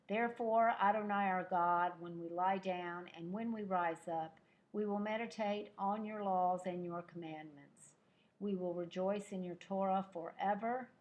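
Woman, lay prayer leader: slow, unhurried reading, soft fillers, modest singing voice, distant room mic. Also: fairly low pitch. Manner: slow, gentle, with many fillers. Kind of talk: leading a live-streamed prayer service.

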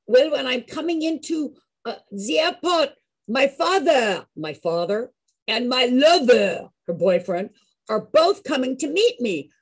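A woman's voice: sits high, expressive, normal speed, creaky, dark tone, husky, full character voice. Older woman playing a sweet, eager young Parisian woman. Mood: pleading.

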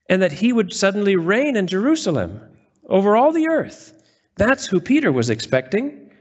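A man preaching a sermon as pastor, reading scripture aloud and stressing quoted words earnestly. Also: fairly high pitch.

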